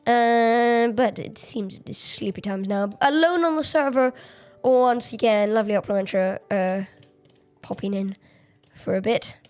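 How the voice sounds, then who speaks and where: A woman's voice: fairly high pitch, measured pace, darkish tone, smooth. An Australian woman streaming a Minecraft game at home, chatting casually, giggling often and thinking aloud. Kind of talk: casual live-stream commentary. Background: faint background music.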